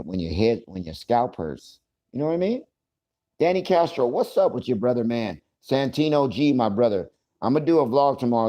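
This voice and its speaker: A man's voice: on the low side, mellow. A man hosting a casual livestream, talking loosely and profanely, joking, and greeting viewers by name. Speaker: livestream host.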